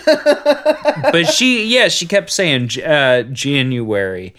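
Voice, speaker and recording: A man's voice: a little high, takes it slowly. Man telling a story with laughs. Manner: animated storyteller, laughs often. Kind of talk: casual chat.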